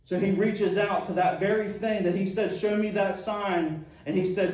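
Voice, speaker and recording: A man's voice: high voice, fairly even intonation, moderate pace, darkish tone, a little hiss or hum. A man preaching a sermon in a church, retelling scripture dramatically and voicing the speakers in it. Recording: very echoey hall, heard from a distance.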